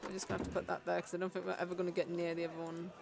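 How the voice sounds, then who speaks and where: A young woman streaming a game from her bedroom, chatting in a relaxed way and thinking aloud. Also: on the low side, rapid-fire, vocal fry, noisy background. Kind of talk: casual gameplay chat. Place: bedroom at home. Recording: game music playing underneath.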